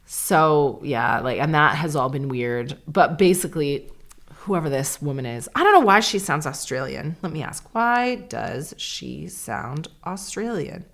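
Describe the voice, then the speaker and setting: A woman in her forties talks her way through a solo podcast episode in a low, deep-set voice. She is candid and chatty, dropping dry sarcastic asides as she goes. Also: animated, measured pace, fairly bright tone. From Canada. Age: 40s. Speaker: podcast host. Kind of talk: casual solo podcast chat.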